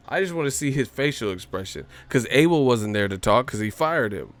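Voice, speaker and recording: A man ranting casually to camera about boxing, animated and profane, with mocking, incredulous jabs. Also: medium pitch, brisk. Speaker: boxing commentary vlogger.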